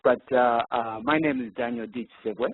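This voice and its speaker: A man's voice: medium pitch, huge pitch swings, normal speed, vocal fry. A Zambian man with a Zambian accent presenting a short radio segment, hesitant and earnest with many fillers. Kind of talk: radio talk. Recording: tinny phone-like line.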